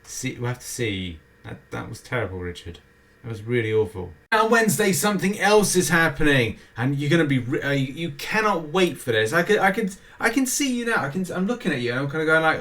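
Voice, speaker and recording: A man's voice: fairly high pitch, big pitch swings, fairly quick, fairly bright tone. A British man talks through a game's weekly schedule in a loose, rambling way. He keeps breaking off for jokey, self-mocking asides. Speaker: gaming show host. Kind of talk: casual weekly game schedule rundown.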